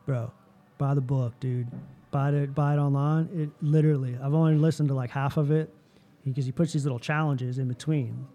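A man hosting a casual chat, telling a story with lively energy and lots of "like" and "you know". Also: medium pitch, fairly quick, hardly any pauses, dull audio. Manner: animated storytelling, heavy use of "like".

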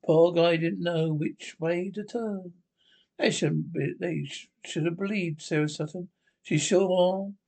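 A sardonic horror host , played by a man, drawls wry asides. His humor is dark and his manner leisurely. He comes across like an old radio emcee. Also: fairly high pitch.

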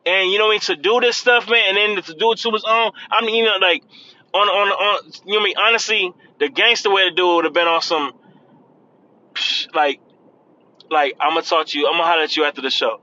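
A man hosting a talk show, riffing in casual slang and tacking a drawn-out "man" onto his lines. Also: sits high, steady tone, sharp tone, lo-fi sound. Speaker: podcast host. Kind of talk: casual commentary.

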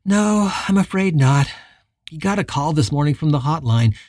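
An audiobook narrator voicing a soft-spoken woman who talks gently and with concern to a grieving friend on the phone. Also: sits low, lively intonation, normal speed, no echo, studio quality.

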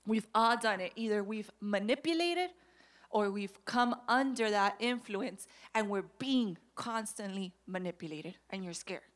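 Animated woman pastor preaching. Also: mid-range voice, unhurried. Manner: animated, acts out quoted voices, switches between soft asides and loud emphasis. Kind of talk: sermon.

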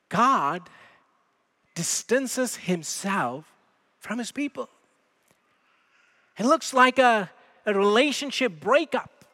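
A man preaching a sermon as pastor in a church, measured and emphatic, asking rhetorical questions. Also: extremely high pitch, animated, sharp tone, in a large hall. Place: church sanctuary.

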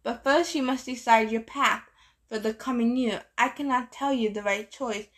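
A woman reading the part of a wise, weary male centaur teacher in a measured, gentle way, as an audiobook. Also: on the high side, lightly acted. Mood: gentle, firm.

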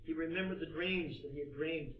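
A male pastor preaching a sermon in an animated way, acting out the voices in a scripture story. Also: on the high side, brisk, reverberant, recorded from a distance, muffled recording. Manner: animated, acts out scripture dialogue.

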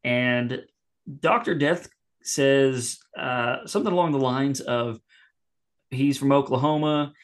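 A man co-hosting a podcast, recapping an old match in a relaxed, amused way. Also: mid-range voice, slow pace. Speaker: podcast co-host. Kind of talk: casual commentary.

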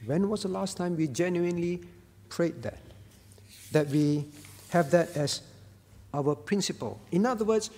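High-voiced husky pastor preaching in a hall. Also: male voice, moderate pace. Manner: earnest preaching, drops to soft pleading when voicing prayers. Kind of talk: sermon.

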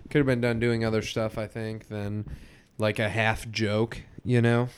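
A man's voice: on the low side, little pitch movement, slight background noise. A man co-hosting a casual podcast, recapping a cartoon episode and mimicking the characters' lines as he goes. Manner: retells scenes with quick mimicked lines. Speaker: podcast co-host.

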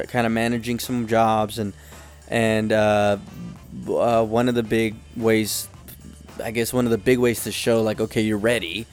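A man tells a long, looping story about running jobs and firing a worker. He gets animated and acts out the other people's voices along the way. Faint music plays underneath him. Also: medium pitch. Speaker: business owner telling work stories. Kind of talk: casual storytelling monologue.

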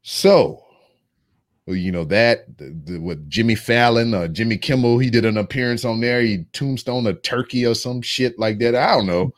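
A man's voice: medium pitch, moderate pace. A man in his thirties, a podcast co-host, telling a long, profane story in casual chat.

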